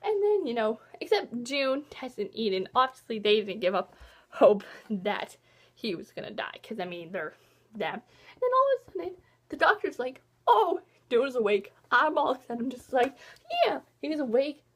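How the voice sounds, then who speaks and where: A woman's voice: a little high, sing-song, normal speed. A young woman vlogger chatting casually about a book she loved, gushing and emotional, rambling with lots of fillers. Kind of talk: casual book review chat.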